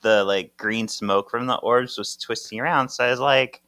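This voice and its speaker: A man co-hosting a podcast, walking through a comic's panels in an easygoing way. He laughs often and pitches his voice up to act out the characters' lines. The sound is dry and close to the mic. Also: moderate pace, bright, forceful tone, dry recording. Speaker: podcast co-host. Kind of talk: casual chat recapping a comic.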